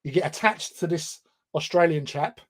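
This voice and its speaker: A man's voice: a little high, moderate pace, a crowd in the background. An English man telling a long, self-deprecating story in casual chat on a livestream, often laughing. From England. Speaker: livestream co-host.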